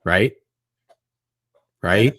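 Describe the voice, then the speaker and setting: A man's voice: very slow, fairly bright tone, no room sound, clean studio sound. A man co-hosting a casual sports podcast, talking in profane, exasperated rants. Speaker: podcast co-host.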